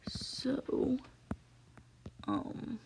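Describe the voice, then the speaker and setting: A woman giving a casual spoken voice lesson from home at night, in a hushed, half-whispered way with many fillers. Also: drawn-out words, low-quality recording. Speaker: voice tutorial creator.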